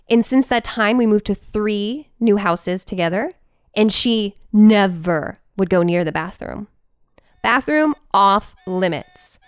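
A woman podcast host telling a personal story in an animated, vivid way into a close microphone. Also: mid-range voice, clear, resonant tone, dry recording.

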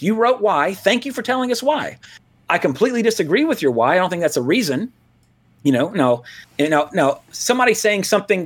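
A man co-hosting a podcast, chatting casually and going off on tangents, laughing often and restarting his sentences. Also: a little high. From Louisiana, US. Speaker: podcast co-host. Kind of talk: casual rambling podcast chat.

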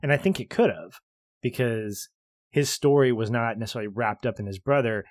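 A man's voice: fairly low pitch, no echo. Laughing man reviewing a movie, dry close mic. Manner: animated, laughs often, acts out quotes. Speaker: podcast co-host. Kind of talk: casual movie review chat.

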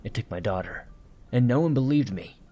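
A man voicing a gruff, grieving middle-aged hunter who speaks curtly through clenched teeth. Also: mid-range voice, lively intonation, a little fast, warm tone, soft background music, close to an everyday voice. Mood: grim.

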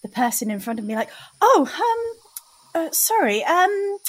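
A woman playing in a tabletop game, answering in hesitant, bemused bits. Her voice is high and animated, with a breathy edge. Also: normal speed. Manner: hesitant and bemused, many ums. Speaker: player.

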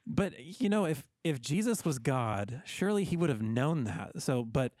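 A man's voice: mid-range voice, very animated, moderate pace, darkish tone, no echo. Joking male podcast host, dry sound. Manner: joking, repeats words when starting sentences. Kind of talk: casual podcast chat.

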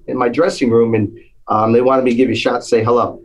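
A man's voice: mid-range voice, level tone, fast, low-quality recording. A man telling a long story in casual chat, acting out the voices of the people in it. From New Jersey. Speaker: guest storyteller.

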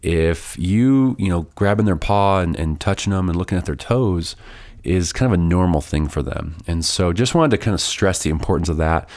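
A man with a deep, low voice hosts his podcast in a relaxed, rambling way. His nose is stuffed up from a summer cold, and he circles back with plenty of ums and restarts. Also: normal speed. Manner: rambling, many fillers and restarts. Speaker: podcast host. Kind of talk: casual solo podcast intro.

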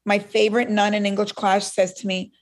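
A woman's voice: mid-range voice, a little fast. A woman from Cuba telling a story as a guest in a conversation, acting out the voices she quotes. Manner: animated, acts out quoted voices.

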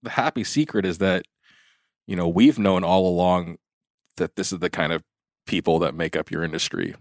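A man's voice: deep voice, normal speed, dry recording, clean studio sound. A man co-hosting a casual podcast chat, blunt and swearing in short reactions. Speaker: podcast co-host.

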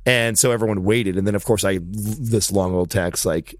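A man in his thirties telling a long story on a podcast, animated and profane. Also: lowish voice, normal speed, few pauses, dry recording, clean studio sound. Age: 30s. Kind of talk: casual chat, storytelling. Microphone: studio mic.

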